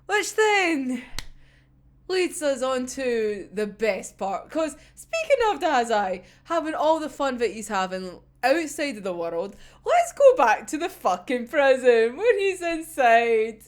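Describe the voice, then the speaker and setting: A woman talking through an episode in a casual chat. Her voice sits a little high and swings widely in pitch. She laughs often and swears freely. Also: sing-song, slow pace. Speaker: anime reaction host.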